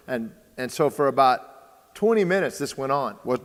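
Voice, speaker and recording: A baseball training host tells a story in casual conversation, slipping into the voices of the people in it and often hesitating with "uh" and "um." His medium-pitched voice moves at a normal speed and rings out with a long hall reverb.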